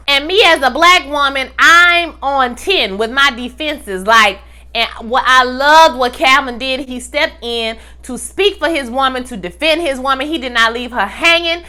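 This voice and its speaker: A woman giving a casual comedic TV recap, animated and sassy, full of slang, acting out the characters' lines. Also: sits high, moderate pace. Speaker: TV recap reviewer.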